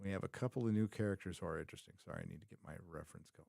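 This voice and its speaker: A man's voice: low voice, racing, vocal fry, few pauses, a little mellow, no room sound. A man hosting a live review show, talking casually and opinionatedly, rambling and correcting himself and repeating lines for emphasis. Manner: opinionated, repeats his own phrases for emphasis; rambling, thinks aloud, frequent self-corrections. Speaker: show host reviewing a TV series. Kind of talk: casual livestream commentary.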